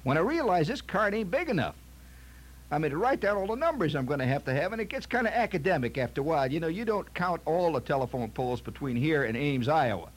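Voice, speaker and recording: A man's voice: on the high side, sing-song, fast. A man telling a comic story in a folksy, rambling way, often stammering and repeating himself. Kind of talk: comic anecdote monologue.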